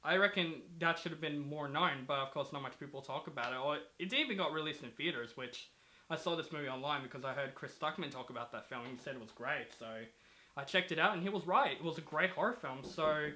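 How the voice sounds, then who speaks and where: Brief: enthusiastic man host of a movie chat, fairly high and very bright tone. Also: fast. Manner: rambling, enthusiastic, filler-heavy. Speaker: host of a movie review channel. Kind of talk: casual movie review chat.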